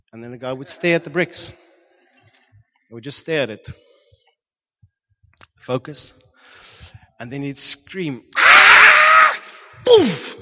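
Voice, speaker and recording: A man from Johannesburg, preaching a storytelling sermon and acting out shouts and sound effects with frequent laughter. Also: a little high, lo-fi sound. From South Africa, Johannesburg.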